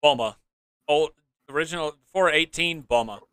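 A man's voice: fairly high pitch, moderate pace, pushed and bright, clear, resonant tone, dry recording. Upbeat laughing male podcast host. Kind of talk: casual chat.

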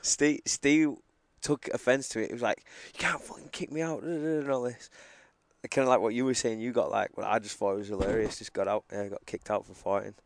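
A man's voice: on the low side, fairly even intonation, brisk, vocal fry, no room sound. A man in casual chat who swears easily and laughs through his own stories.

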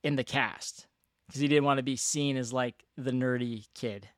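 A man co-hosting a casual movie podcast, chatty and excitable, quick to laugh. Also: medium pitch, no room sound, studio quality. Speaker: podcast co-host.

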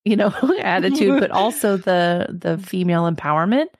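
A young married woman co-hosting a book podcast, talking excitedly and emphatically with lots of swearing. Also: on the low side, normal speed, no echo, studio quality. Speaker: podcast co-host. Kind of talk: casual book chat.

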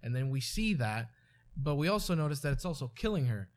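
A young man with a mid-range voice chats casually. He talks haltingly, often restarting and filling gaps as he gathers his thoughts. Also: mid-range voice, sing-song. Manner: hesitant, halting, many restarts and fillers. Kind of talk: casual chat.

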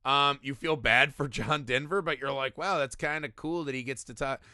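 A man in his thirties co-hosting a casual movie discussion, animated and profane, often acting out quotes. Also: medium pitch, moderate pace, dry recording, studio quality. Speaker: podcast co-host.

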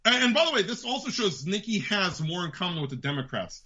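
A man with a New York accent rants about politics as a podcast host, profane and heated. His voice sits fairly high and sounds tense and sharp. The recording is dull and lo-fi. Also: very animated, quick pace. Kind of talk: ranting political commentary.

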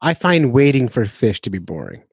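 A man hosting a casual chat, curious and quick to react with questions. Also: medium pitch, very animated, a little mellow, slightly rough, no echo, studio quality.

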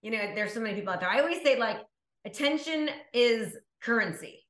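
Fast, bright-voiced woman host in an echoey room. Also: on the high side, expressive. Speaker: podcast host. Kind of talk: conversational interview.

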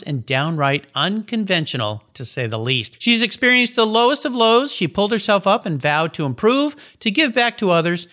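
An upbeat male podcast host with a bright, crisp voice. His pitch sits a little high and swings widely as he talks with playful energy. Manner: enthusiastic, animated, playful. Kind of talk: upbeat podcast interview and ad read.

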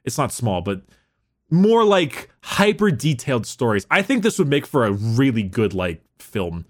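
A young man co-hosting a podcast in casual chat, excited and rambling, swearing casually and laughing often. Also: medium pitch, a little slow. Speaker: podcast co-host.

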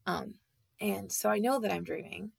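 A woman telling a personal story in a halting way, full of fillers and restarts. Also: medium pitch, vocal fry, slightly rough, no echo.

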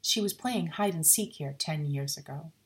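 Woman reading as a firm, scolding middle-aged man, reproachful tone, lively inflection, storybook ghost tale. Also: sits low, moderate pace. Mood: stern. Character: stern middle-aged male house owner.

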